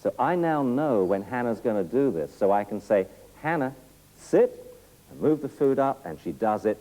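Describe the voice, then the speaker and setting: A man's voice: lowish voice, lively intonation, moderate pace, dark tone, low-quality recording. Playful man training a class. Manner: playful, teasing, laughs often. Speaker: dog trainer. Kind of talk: demonstration to a class.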